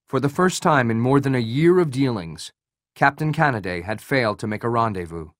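A man reading a thriller audiobook as its narrator, in an even, measured way. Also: mid-range voice, no room sound, studio quality.

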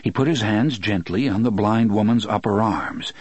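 Male audiobook narrator, expressive, husky tone, dry booth sound. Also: on the low side, normal speed, no echo. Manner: expressive storytelling, many voices. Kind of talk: scripted narration.

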